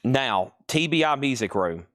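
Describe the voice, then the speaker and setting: A man's voice: medium pitch, lively intonation, a bit bright, no echo, studio quality. Chatty man hosting a live sale. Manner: chatty, teasing, reading prices quickly. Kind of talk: casual live-stream selling. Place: store.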